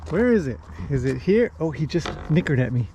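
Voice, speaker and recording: A man's voice: a little high, big pitch swings, brisk, dark tone, a little hiss or hum. A man chatting casually in a vlog while walking outdoors among his horses, greeting them in a lifted, sing-song voice. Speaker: horse trainer and owner. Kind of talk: casual walk-and-talk vlog.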